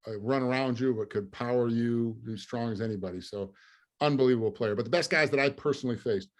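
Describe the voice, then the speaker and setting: A man in his fifties spins lively stories as an interview guest, chuckling through the punchlines and filling pauses with plenty of ums and uhs. His voice sits at an ordinary middle pitch for a man. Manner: lively storyteller, laughs through punchlines, many fillers. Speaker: guest, former pro football lineman. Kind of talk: storytelling interview.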